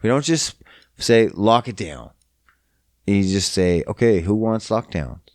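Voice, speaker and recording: A man's voice: fairly low pitch, lively intonation, a little slow, no echo, clean studio sound. A young man from Canada hosting a podcast, ranting in a profane, exasperated and mocking way. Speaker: podcast host. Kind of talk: casual solo rant.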